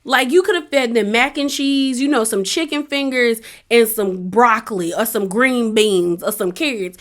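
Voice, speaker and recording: A woman's voice: on the high side, moderate pace, few pauses, a bit bright. A woman giving a casual, opinionated recap of a reality show. She talks chattily, with a lot of "like", and acts out the quotes.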